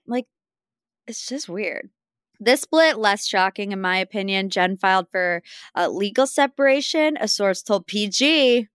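Young woman, celebrity gossip host, smooth clear voice, dry close sound, sarcastic chatty delivery. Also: medium pitch, a little slow, no room sound. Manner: chatty, sarcastic, animated asides. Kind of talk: casual gossip commentary.

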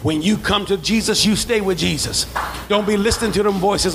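Male pastor, high gravelly voice, call-and-response sermon, faint hiss behind. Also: brisk, poor audio. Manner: preaching with call-and-response, building to shouts; acts out quoted voices in asides. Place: church sanctuary.

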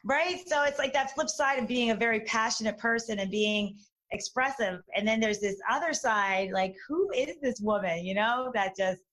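A woman talking candidly in a casual conversation, animated, with many restarts and fillers. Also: a little high, moderate pace.

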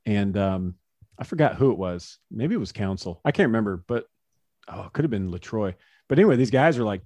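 A man in his forties, a former pro pitcher, telling stories as an interview guest, chatty and laughing often, with lots of fillers. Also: expressive, fairly quick, warm tone, no echo. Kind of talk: casual storytelling in an interview.

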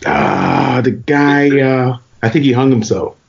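A man on a casual comedy podcast as a guest comedian, laid-back and quick to laugh. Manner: laid-back, laughs often, lively swings in pitch. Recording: dull lo-fi sound.

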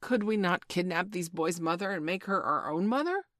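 A woman reading a storybook aloud, voicing an eager, simple-minded male pirate sidekick in a high, fawning voice. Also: lively intonation, moderate pace, fairly bright tone, dry recording, studio quality.

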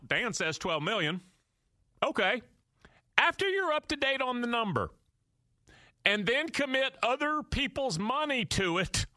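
A man hosts a sports talk show, driving home points with emphatic rhetorical questions. His voice sits high and rings sharp and tense. The sound is dry and close. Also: no room sound. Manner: rhetorical, emphatic, addresses listeners and co-host. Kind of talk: animated sports radio talk.

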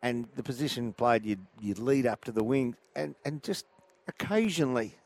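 A man, a former player, reflects on the ground's history, laughing softly between thoughts. His voice sits at a middling male pitch. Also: lively intonation, normal speed. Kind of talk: sports radio chat.

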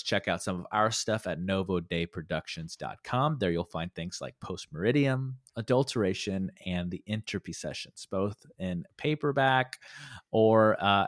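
A man's voice: fairly low pitch, no room sound, clean studio sound. A man hosting a podcast in casual chat, rambling and joking with many fillers. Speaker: podcast host.

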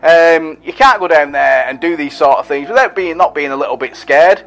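Chatty man, higher voice. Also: moderate pace, fairly bright tone, faint music behind. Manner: chatty, rambling, self-deprecating. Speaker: podcast host reading listener messages. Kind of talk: casual monologue.

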